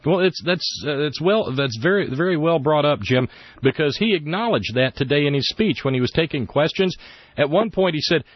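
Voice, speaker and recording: A man's voice: fairly high pitch, animated, normal speed, no echo, muffled recording. A man hosting a talk radio show, with wry, rambling opinion talk and sarcastic asides, at a studio microphone.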